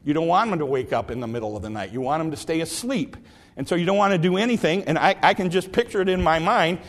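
A male pastor delivers a sermon in a lively storytelling manner. His voice sits a little high, and he hammers points home through repetition. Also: quick pace. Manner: animated storytelling, repetitive emphasis.

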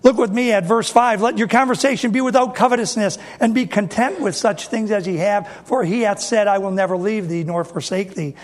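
A high-pitched man in his fifties preaching to his congregation. He speaks in a folksy, emphatic way and keeps returning to the same rhetorical question. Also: fairly quick, few pauses. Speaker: pastor. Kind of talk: sermon.

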